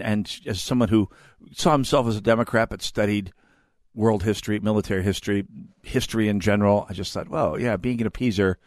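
A man's voice: on the low side, no room sound, studio quality. A man in his fifties hosting a talk radio show, delivering an opinionated monologue that rambles off on tangents and restarts his words. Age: 50s.

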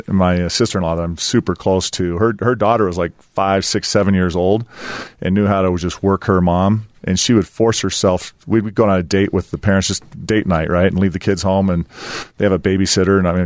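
A man's voice: low voice, no room sound, studio quality. A man in his fifties co-hosting a show, chatting casually, rambling with lots of fillers and laughing often. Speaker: podcast co-host. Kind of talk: casual chat.

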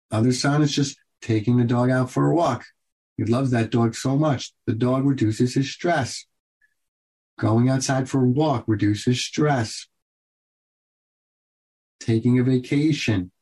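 Guy doctor hosting a health talk show, kinda husky voice, earnest, keeps repeating himself. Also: medium pitch, a little mellow. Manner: earnest, repetitive coaching tone with quick bursts. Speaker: radio show host and doctor.

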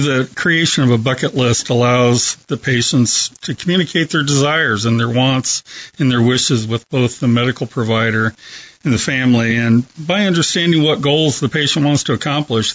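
Man, hospice chaplain guest, earnest storyteller, mid-range voice, muffled lo-fi audio. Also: medium pitch. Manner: gentle, earnest, measured storytelling. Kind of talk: storytelling in a talk show interview. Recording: dull lo-fi broadcast audio.

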